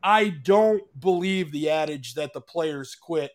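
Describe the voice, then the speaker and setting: A man's voice: fairly high pitch, takes it slowly. A man in casual sports chat, arguing his points emphatically, with swearing and frequent restarts. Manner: animated, emphatic, profane, lots of restarts.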